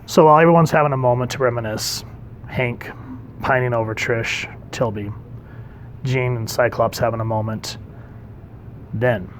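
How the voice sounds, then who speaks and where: A man's voice: mid-range voice, slight background noise. A man casually reviewing a comic book, conversational and enthusiastic, with frequent ums. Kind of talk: casual commentary.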